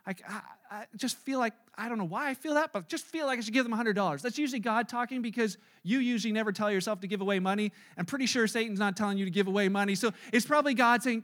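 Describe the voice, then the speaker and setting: A man preaching a sermon in church, animated and acting out everyday scenes in little voices. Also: extremely high pitch, fast. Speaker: pastor. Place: church service.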